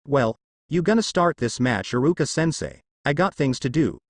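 A man voicing a calm, cocky young ninja who talks in a dry, unbothered way. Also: mid-range voice, moderate pace, dry recording. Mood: bored, calm.

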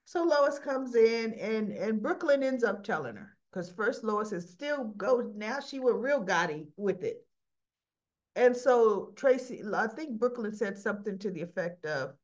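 Woman, casual soap recap, quotes characters, conversational, mid pitch, slightly muffled lo-fi audio. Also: moderate pace. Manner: retells scenes by quoting characters in a casual, conversational way. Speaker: soap opera recap vlogger. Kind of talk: casual chat recapping an episode.

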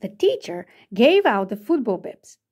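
Slow, expressive woman reading a picture book. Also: fairly high pitch, husky. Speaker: children's book reader. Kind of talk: children's read-aloud narration.

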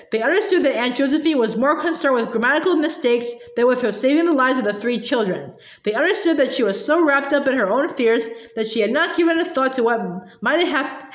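Woman audiobook reader, high pitch, casual throat-clears and restarts; roomy sound. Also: animated, fairly quick, few pauses. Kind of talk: reading a novel aloud. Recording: roomy echo.

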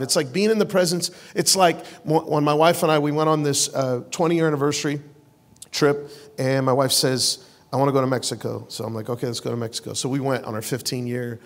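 A man in his forties preaching a sermon, joking with the congregation and building to loud, passionate peaks. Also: fairly high pitch. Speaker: pastor. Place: church sanctuary. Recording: long church hall reverb.

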